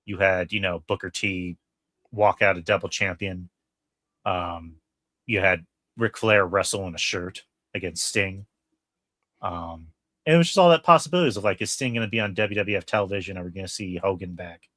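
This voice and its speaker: A man's voice: low voice, normal speed, fairly bright tone, dry recording. A man hosting a casual podcast, rambling along with plenty of fillers and restarts. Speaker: podcast host.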